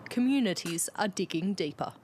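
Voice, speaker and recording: An Australian woman reporter narrating a news package in a steady voice-over. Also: medium pitch, normal speed, noisy background.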